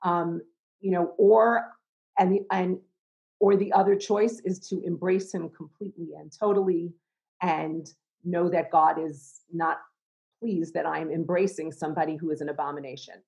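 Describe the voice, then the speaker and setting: Low-voiced reflective woman speaking. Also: fairly even intonation, moderate pace, vocal fry, muffled recording. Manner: thoughtful, with many restarts and soft laughs. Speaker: interviewee, educator and chaplain. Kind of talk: reflective conversational interview.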